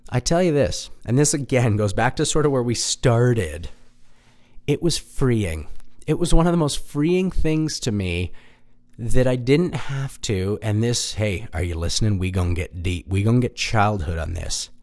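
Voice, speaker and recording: A man in his thirties talks through a personal story in a loose, rambling monologue, candid and self-deprecating. His pitch rises and falls a lot, and he swears casually. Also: animated, measured pace, a little mellow.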